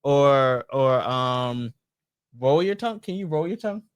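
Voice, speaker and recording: A man co-hosting a podcast in casual chat, joking in a playful, deadpan way. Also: medium pitch, unhurried, clean tone, dry recording. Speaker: podcast co-host.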